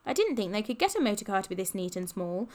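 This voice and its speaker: A woman's voice: medium pitch, big pitch swings, natural voice. A woman voicing a bossy, old-fashioned posh schoolboy in an audiobook. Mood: brisk. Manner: clipped, brisk, scornful.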